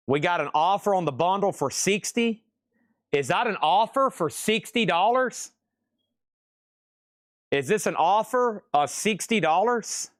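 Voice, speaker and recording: A man's voice: high-pitched, fairly bright tone, no echo, clean studio sound. A man hosting a live record sale stream, calling out lots and start prices, rambling and joking between auctions. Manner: rambling, joking, self-deprecating. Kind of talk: livestream auction chatter.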